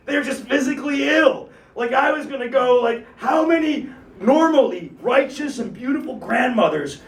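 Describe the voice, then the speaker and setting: High-voiced ranting comedian man in his thirties. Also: reverberant, distant mic. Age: 30s. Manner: rants and shouts in bursts, laughing, profane. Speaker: stand-up comedian. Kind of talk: stand-up comedy set.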